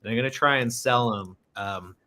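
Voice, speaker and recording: A man guesting on a podcast, talking casually with many halting fillers. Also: mid-range voice, bright, forceful tone.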